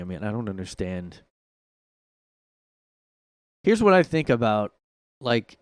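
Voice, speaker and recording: A man's voice: mid-range voice, darkish tone, no room sound, clean studio sound. A man hosting a casual solo commentary podcast from his room, talking in a sarcastic, mocking way and laughing at his own jokes. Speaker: podcast host. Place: home room.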